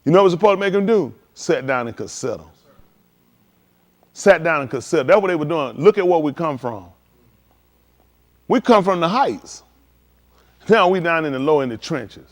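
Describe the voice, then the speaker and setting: A man's voice: a little high, lively intonation, moderate pace, pauses often. A man preaching at a livestreamed scripture teaching, emphatic and slangy, firing rhetorical questions at his listeners. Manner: slangy street talk.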